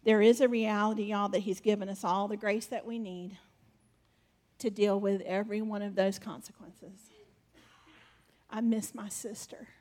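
A woman's voice: mid-range voice, level tone, normal speed, long pauses, a little mellow. A woman preaching a conversational sermon, a mother who shares a vision and keeps up laughing asides with her audience. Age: adult mother.

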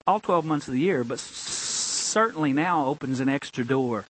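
A man, a pastor, preaching a sermon, swinging between emphatic, drawn-out lines and low, conversational asides. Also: animated, poor audio.

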